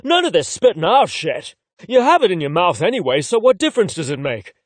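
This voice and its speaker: A man's voice: high-pitched, big pitch swings, a little fast, no room sound. A man voicing a brash young man who rants and talks bluntly, without shame, in an audiobook reading. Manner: blunt, ranting, matter-of-fact about crude things.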